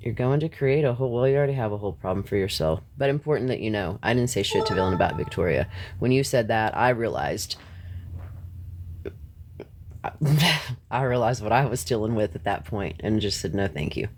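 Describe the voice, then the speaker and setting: A man's voice: fairly low pitch, lively intonation, quick pace. Guy ranting on his live stream, blunt and mad, cussing a lot, laughs it off between points. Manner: blunt, confrontational, swears freely; talks back to chat, laughs between points. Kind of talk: live-stream rant to viewers.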